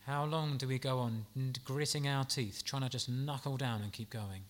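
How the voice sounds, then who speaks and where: A man preaching a sermon in an earnest, gentle, pastoral way, with soft asides and the odd restart. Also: mid-range voice, fairly even intonation, moderate pace, a little hiss or hum.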